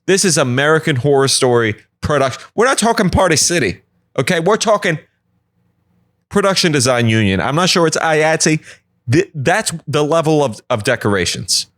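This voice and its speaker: A man hosting a solo comedy podcast from his apartment, rambling from joke to joke with quick asides. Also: a little high, big pitch swings, fairly bright tone, no room sound, clean studio sound. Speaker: podcast host.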